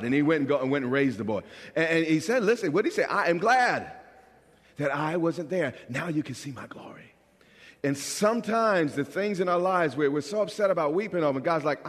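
Preaching pastor in a reverberant hall. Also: male voice, on the high side. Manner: preaching with call-and-response questions to the congregation; animated, acts out quoted voices. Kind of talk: sermon.

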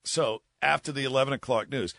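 A middle-aged man, a veteran broadcaster, telling an animated anecdote and acting out the voices of the people in it. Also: mid-range voice, a little fast, gravelly, no echo, studio quality. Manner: lively anecdote-teller who acts out voices. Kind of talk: animated storytelling.

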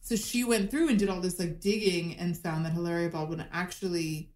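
A woman with a fairly low voice tells a story in an animated, chatty way, packed with fillers. She is on a video call for a comedy podcast. Her voice rings off the walls of an echoey room. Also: fairly quick. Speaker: podcast guest. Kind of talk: casual comedic chat over video call.

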